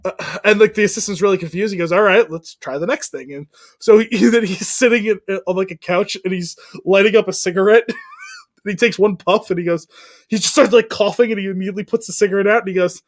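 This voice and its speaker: Laughing, high-voiced man retelling a scene. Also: fast. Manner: animated storyteller, acts out lines, laughs often. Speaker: podcast co-host. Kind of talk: casual chat, retelling a comedy scene.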